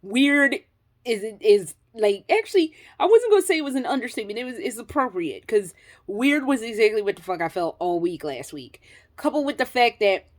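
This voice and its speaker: Woman with a higher voice doing a storytime vlog, chatty and animated, swears a lot, laughs mid-story. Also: a little fast. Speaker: vlogger. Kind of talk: casual storytime monologue.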